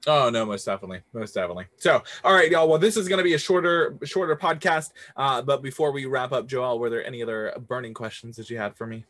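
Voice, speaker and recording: A young man hosting a casual podcast from a bar, energetic, using lots of fillers and laughing often. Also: mid-range voice, fast talker, few pauses. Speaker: podcast host. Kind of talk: casual chat. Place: bar he owns.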